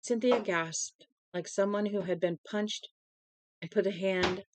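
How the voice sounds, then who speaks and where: Reading a novel to her livestream viewers, a young woman speaks at medium pitch and a little slowly, with background noise behind her. She's tired and yawns, but chats freely, pausing the reading for casual remarks to her audience.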